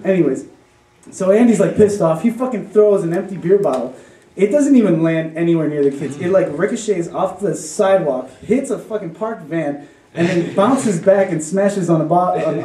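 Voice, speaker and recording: Speaking at a moderate pace in a high, mellow voice, a young man from Chicago rambles through a profane tale at a live story slam and keeps laughing. The audience venue comes through in a distant, roomy recording with a bit of background noise.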